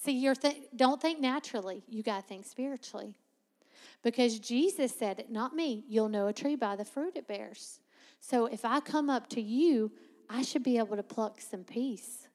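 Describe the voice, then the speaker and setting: A woman preaching a sermon, teaching with lively asides and frequent laughter. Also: a little high, moderate pace, big-room sound.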